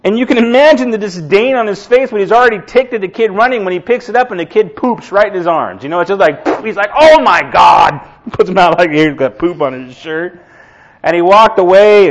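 A man's voice: high-pitched, a little fast. A man in his sixties preaching a sermon, telling everyday stories with humorous asides. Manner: conversational storytelling with humorous asides. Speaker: pastor. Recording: dull lo-fi recording.

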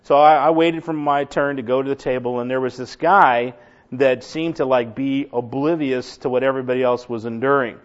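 A middle-aged man giving a humorous personal testimony to a congregation, a lively, self-deprecating storyteller who gets animated as he goes. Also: medium pitch, moderate pace, dull audio. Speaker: church member giving testimony.

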